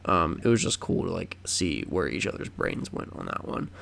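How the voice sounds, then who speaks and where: Young male podcast co-host, gravelly, loose and rambly, casual swearing. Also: deep voice, very animated, moderate pace, a bit bright. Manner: rambling, swears, lots of fillers and restarts. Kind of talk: casual chat.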